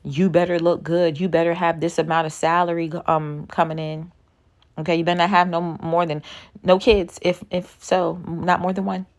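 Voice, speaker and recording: A woman in her thirties vlogging with a deep, low voice. She lectures bluntly and swears freely in casual reaction commentary. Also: level tone, moderate pace. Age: 30s.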